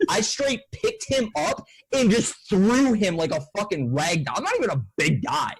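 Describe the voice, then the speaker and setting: A man's voice: high voice, normal speed, husky. A young man co-hosting a podcast, telling crude stories in casual chat and mimicking people he talks about. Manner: profane, animated, mimics people in voices. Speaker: podcast co-host.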